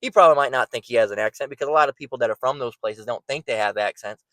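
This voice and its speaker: A man's voice: medium pitch, very fast, fairly bright tone, no room sound. A man giving an informal, blunt preaching rant, profane and repeating words as he gets worked up. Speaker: online preacher.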